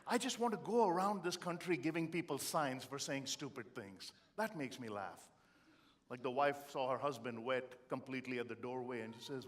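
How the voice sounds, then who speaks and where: A middle-aged man from India giving a humorous motivational speech, with punchy storytelling that swings from loud to quiet. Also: mid-range voice, moderate pace. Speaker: motivational speaker.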